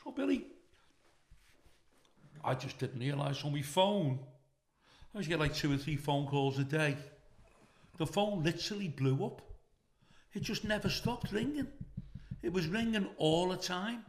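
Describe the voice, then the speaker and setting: Scouse man, middle-aged, gravelly, slightly high voice, sweary storyteller. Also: measured pace, pauses often. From Liverpool, England. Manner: swears freely, animated when quoting others. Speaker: guest comedian. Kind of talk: casual storytelling chat.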